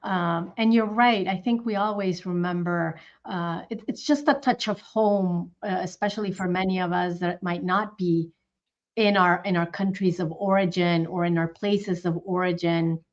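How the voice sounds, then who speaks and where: A woman's voice: on the low side, steady tone, moderate pace. A woman hosting an interview, speaking reflectively with frequent restarts and repeated words. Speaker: host. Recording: dull lo-fi call audio.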